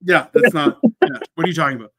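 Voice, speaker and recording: A man from Canada co-hosting a casual show, teasing and trailing off into quiet asides. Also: fairly high pitch, lively intonation, fast talker. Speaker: cooking show co-host. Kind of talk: casual banter.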